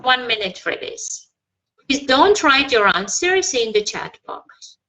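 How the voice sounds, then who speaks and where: This is a woman teaching an English class over a video call, with a high voice and a bright, crisp edge. She guides students patiently and keeps offering encouragement as she corrects them. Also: sing-song, slow pace, rough recording. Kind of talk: online English lesson.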